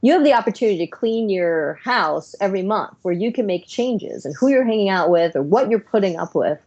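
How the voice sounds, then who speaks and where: A middle-aged woman speaking as a guest psychiatrist on a podcast, earnest and explanatory, her thoughts unspooling in long connected runs. Her pitch sits in an ordinary middle range, and the audio is slightly dull and lo-fi. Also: lively intonation, a little fast, darkish tone, husky. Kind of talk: podcast interview.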